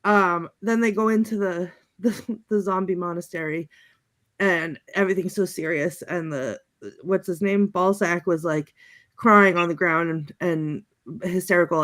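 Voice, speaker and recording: A woman on a panel chatting casually, halting with many ums and little laughs as she runs through her notes. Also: fairly low pitch, fairly even intonation, fairly bright tone. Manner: chatty, halting, reads out movie quotes with giggles and many ums. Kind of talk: casual chat.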